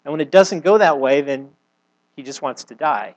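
A middle-aged man preaching a sermon as a pastor, reading scripture aloud and retelling it with expressive emphasis. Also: fairly high pitch, normal speed, poor audio.

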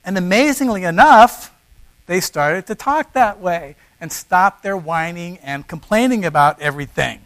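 A middle-aged man preaches with a fairly high voice. He leans hard on key words, then drops to quiet asides. His delivery is that of a pastor working through a sermon. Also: low-quality recording. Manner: emphatic, swings between loud stresses and quiet asides.

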